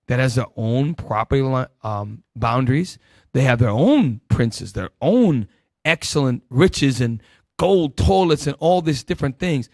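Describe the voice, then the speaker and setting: A man preaching a Bible lesson with a fairly high voice, pushing hard on key points and then dropping low for asides. He calls out verses and directs his helpers as he teaches. The sound is dry and close, with no room around it. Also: vocal fry, no echo. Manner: emphatic, swinging between loud bursts and low asides. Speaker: Bible teacher leading the class. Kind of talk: street-style Bible teaching sermon.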